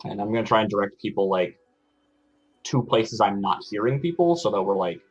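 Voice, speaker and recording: A man talking casually at a game table, asking questions and thinking aloud. His voice is husky and somewhat low, and the audio sounds a little muffled and dull. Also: lively intonation, fairly quick, soft background music. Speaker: player.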